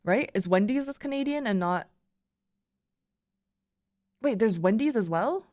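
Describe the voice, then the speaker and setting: A woman's voice: on the high side, expressive, a little slow, darkish tone, no echo. Young woman streamer, rambles and cusses and laughs, voice jumps all over, dry close sound. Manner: laughing, swearing, rambling asides. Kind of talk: reading fanfiction aloud with reactions.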